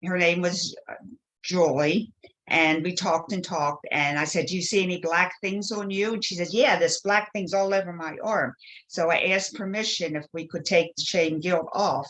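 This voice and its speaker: Low-voiced woman telling stories. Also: fairly bright tone. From Polish family background. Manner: storytelling, acts out quoted voices. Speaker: guest. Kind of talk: spiritual interview chat.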